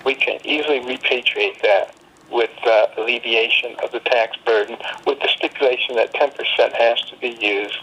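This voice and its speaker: A husky middle-aged man delivers political commentary as a guest on a call. His pitch sits in an ordinary middle range, and he talks in a measured way, often pausing on fillers and restarting his sentences. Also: a bit bright, muffled recording.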